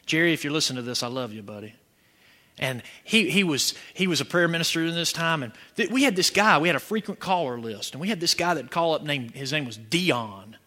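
A man from preaching a sermon, telling stories with animation and breaking into shouts. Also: a little high, fairly quick. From Georgia, USA. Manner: animated storytelling, bursts into shouting.

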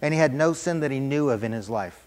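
A man preaching a sermon, telling a story with animated, emphatic repetition. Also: medium pitch, quick pace, big-room sound.

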